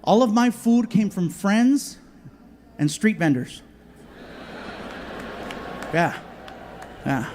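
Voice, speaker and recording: A man doing a stand-up comedy routine on stage, telling an animated story. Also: high voice, very slow, pauses often, in a large hall. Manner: storytelling, animated, slips into voices. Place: on stage before a live audience. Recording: noisy live comedy club recording.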